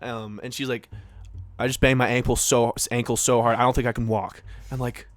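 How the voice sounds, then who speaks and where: A man's voice: medium pitch, level tone, fairly quick, no room sound. A young man co-hosting a podcast, telling a story in a casual, rambling way full of fillers and acted-out quotes. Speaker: podcast co-host.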